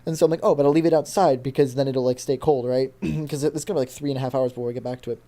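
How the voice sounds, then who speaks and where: A young man in his late teens chats on a home podcast through a desktop mic with a pop filter. His tone is soft and mellow at an ordinary pitch. He rambles through stories with lots of fillers and restarts. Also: steady tone, rapid-fire. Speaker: podcast co-host. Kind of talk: casual chat. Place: home desk setup.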